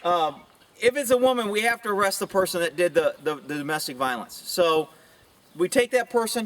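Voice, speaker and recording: A man's voice: lively intonation, a little fast. A middle-aged man who is a police officer, talking bluntly and opinionatedly to camera outdoors, with rambling asides. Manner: puts on high mocking voices for quoted women. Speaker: police officer sharing views. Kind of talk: casual monologue to camera. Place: outdoors with chickens nearby. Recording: voice somewhat far from mic.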